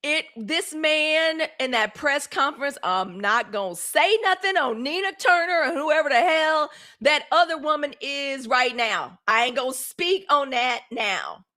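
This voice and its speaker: She's a livestream host from Mississippi with a Southern drawl, talking casually and directly to y'all with fiery, blunt language and swearing. The voice is high, animated and sharp in tone, yet unhurried.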